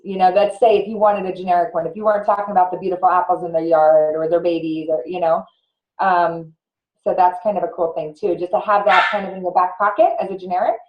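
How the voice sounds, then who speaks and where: A woman's voice: lowish voice, fairly even intonation, fast, reverberant, muffled recording. A woman who is a guest on a casual live video chat, earnestly explaining practical tips step by step.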